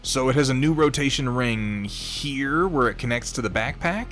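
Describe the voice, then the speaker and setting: A man's voice: mid-range voice, animated, moderate pace, a bit bright, faint music behind. A man chatting casually on a live stream while painting miniatures, rambling, reading viewers' messages aloud and swearing offhandedly.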